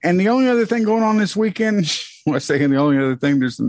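A man co-hosting a casual motorsport chat, talking in halting stretches and restarting often. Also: high-pitched, animated, darkish tone, dry recording. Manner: halting, restarts often, plugs his website. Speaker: motorsport podcast co-host. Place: home, with dogs.

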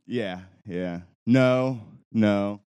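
A young man with a low, warm, smooth voice tells a long, rambling story on a podcast. He swears freely and breaks into laughter as he goes. The recording is dry and close. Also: very slow, no echo. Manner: rambling, profane, laughs while telling a story. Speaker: podcast co-host. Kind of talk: casual storytelling chat.

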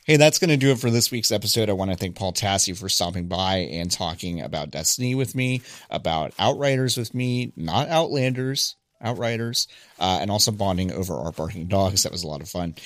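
A man's voice: sits low, brisk, dry recording, clean studio sound. A man hosting a casual podcast, chatting through news with lots of fillers and restarts. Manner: chatty, frequent filler words and restarts, lively emphasis. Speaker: podcast host.

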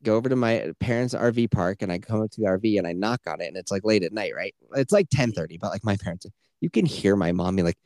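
A man's voice: on the low side, fast talker, no echo. A man spins a rambling, profane story on a podcast, acting out everyone's lines with a voice that leaps up and down. The sound is close and dry, with no room around it. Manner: animated, profane, acts out voices in his stories. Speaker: podcast co-host. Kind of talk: casual storytelling chat.

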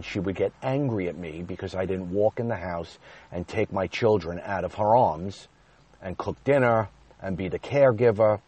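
A man's voice: sits low, a little mellow, husky. A man in his thirties telling a personal story in a candid, confessional way, rambling at times.

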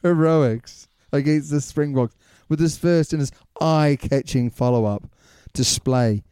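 A man's voice: a little high, a little slow, warm tone, clear, resonant tone, no echo, clean studio sound. A man co-hosting a sports podcast in casual chat, teasing and laughing often. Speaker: podcast co-host.

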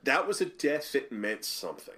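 A man's voice: medium pitch, very animated, normal speed, bright, forceful tone. A young man co-hosting a podcast, making dry, wry quips in a casual chat. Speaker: podcast co-host. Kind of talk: casual film review chat.

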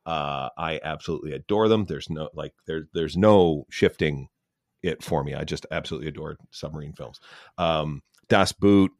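A man's voice: very deep voice, normal speed, no echo, clean studio sound. A man co-hosting a casual podcast, talking enthusiastically with many fillers and restarts. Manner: enthusiastic, rambling with fillers and laughs. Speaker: podcast co-host. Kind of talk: casual chat.

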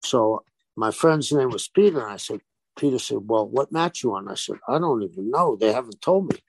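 A man's voice: mid-range voice, moderate pace, breathy edge, dry recording. A man, a former pro wrestler, telling stories in a casual interview and acting out the dialogue as he goes. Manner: animated storyteller who acts out quoted dialogue.

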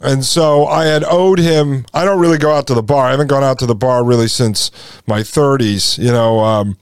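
A podcast host in his forties rambles through a personal story and talks to his listeners as folks. His voice is smooth and clear at a middle pitch. The recording is dry, with no room echo. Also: normal speed. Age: 40s. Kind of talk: casual storytelling monologue.

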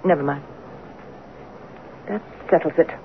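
A woman's voice: sits low, unhurried. A woman in her fifties playing a spirited, teasing French-born wife of an American general in an old-time radio drama. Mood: urgent. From France. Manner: affectionate and playful. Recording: tinny, noisy old radio broadcast.

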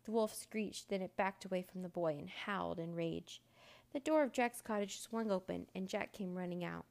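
A woman reading a children's book aloud in a measured storytelling manner. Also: lowish voice, creaky, a little mellow. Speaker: narrator.

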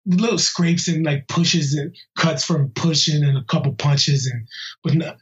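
A police officer being interviewed in a casual way, talking bluntly and heatedly with slang and halting restarts. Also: male voice, on the high side, fairly bright tone. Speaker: police officer interviewed about a violent attack. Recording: muffled lo-fi audio.

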